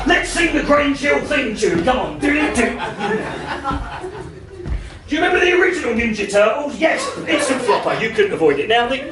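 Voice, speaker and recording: Man in his thirties, stand-up comedian, very high voice, profane and brash, roomy venue sound, a bit far from the mic. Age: 30s. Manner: brash, profane, bursts into shouting. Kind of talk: live stand-up set. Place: comedy venue in front of a laughing audience.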